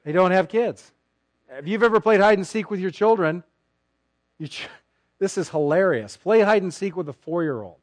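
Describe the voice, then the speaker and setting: A man preaching a sermon as pastor, sarcastic and animated, acting out mock quotes from people he disagrees with. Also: high-pitched, moderate pace, no room sound.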